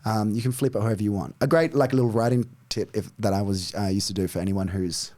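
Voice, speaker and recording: An Australian comedian chatting as a podcast guest, animated, cursing freely and laughing between lines. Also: male voice, fairly low pitch, fast talker. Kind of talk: casual podcast chat.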